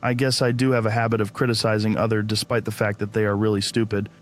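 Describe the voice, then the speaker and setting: A man's voice: fairly low pitch, level tone, quick pace, slight background noise. A man hosting a comedic interview sketch, sarcastic and profane with a mock-serious delivery. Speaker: host.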